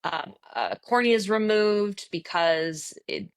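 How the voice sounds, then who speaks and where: A Midwestern woman who is a stage actor chats casually as an interview guest, speaking slowly in a clear, resonant, medium-pitched voice with vocal fry. She laughs often and acts out quotes.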